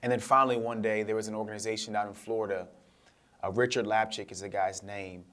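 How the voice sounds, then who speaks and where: A man's voice: fairly low pitch, quick pace. A young man, a guest speaker, telling his story in an interview and acting out what people said to him. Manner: animated storyteller acting out quotes.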